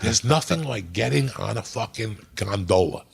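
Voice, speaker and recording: A man from New Jersey tells a story as a podcast guest, swearing freely and swinging his pitch all over. His voice is gravelly and husky. The delivery is loose and animated. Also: moderate pace. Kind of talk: casual storytelling.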